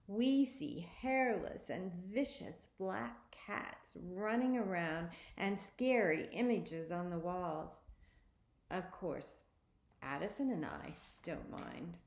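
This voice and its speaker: A woman reading a children's spooky story aloud, expressively, often lifting her pitch for emphasis. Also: a little mellow, roomy sound. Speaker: story reader.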